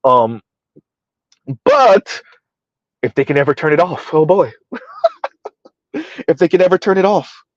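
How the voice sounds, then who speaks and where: A man's voice: on the high side, expressive, measured pace, long pauses, no room sound, dull audio. A man doing casual, rambling commentary on a live stream, reading out chat messages as he goes. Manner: rambling, conversational, reads chat aloud.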